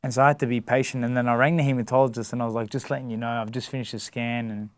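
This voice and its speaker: An Australian boxer, a man with a medium-pitched, smooth voice and flat delivery, talks casually as an interview guest. He halts and restarts his sentences often, padding them with "you know" and "like." The recording has no room sound.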